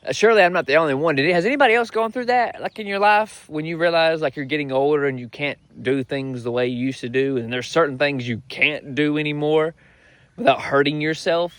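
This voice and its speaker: A young man doing a crude, brash comedy monologue with loud punchlines. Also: a little high, dry recording. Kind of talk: stand-up style comedy monologue.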